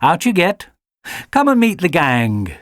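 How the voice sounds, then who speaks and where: A brisk, cheerful woman who minds dogs, briskly reassuring everyone that all will be fine, as a man puts her on. Her voice is raised well above a plain tone, bright and brisk. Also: on the high side, huge pitch swings, no echo, clean studio sound, pitched above the performer's own voice, heavily acted.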